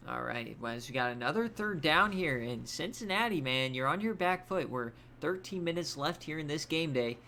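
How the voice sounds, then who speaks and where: Gravelly bright guy calling a football video game stream, chatty, lotsa uh's. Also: a little high, animated, normal speed, hardly any pauses, a little hiss or hum. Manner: chatty, upbeat play-by-play with fillers. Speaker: play-by-play commentator. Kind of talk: casual video game commentary.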